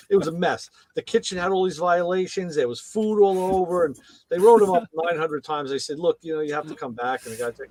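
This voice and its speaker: A man's voice: fairly high pitch, fairly quick, dry recording. A man chatting casually on a podcast, retelling TV episodes and acting out the characters' lines in raised voices. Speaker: podcast co-host.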